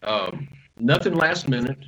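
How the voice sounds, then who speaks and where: A pastor, answering interview questions in a relaxed, storytelling way with self-deprecating humor. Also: male voice, mid-range voice, a little slow, a little hiss or hum, poor audio.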